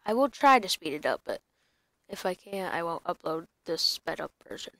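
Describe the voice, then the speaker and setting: A woman's voice: on the low side, expressive, normal speed, fairly bright tone, no room sound. A young woman chatting casually through a block-building game video, rambling and breaking into silly sing-song bits. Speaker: gaming YouTuber. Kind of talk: casual gaming commentary.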